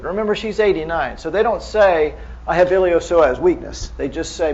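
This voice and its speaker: A man's voice: a little high, moderate pace, a little mellow, highs cut off. A man giving a conversational medical lecture as a neurohospitalist, quizzing the audience with frequent restarts.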